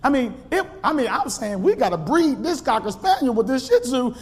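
A man preaching a sermon in a church, calling out to the congregation and swinging from shouting to quiet storytelling. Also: very high voice, big pitch swings, normal speed, soft background music. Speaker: pastor. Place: church sanctuary. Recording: long hall reverb.

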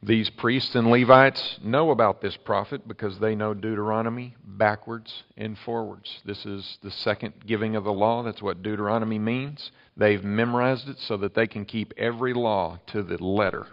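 A man's voice: lowish voice, steady tone, moderate pace, hardly any pauses. Emphatic male preacher, muffled recording. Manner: emphatic preaching with dramatic shifts in loudness. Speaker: pastor. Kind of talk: sermon.

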